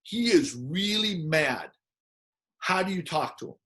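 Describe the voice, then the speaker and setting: A man giving an animated teaching talk, acting out quoted people in loud, excited bursts. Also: fairly high pitch, measured pace. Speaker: personality model speaker.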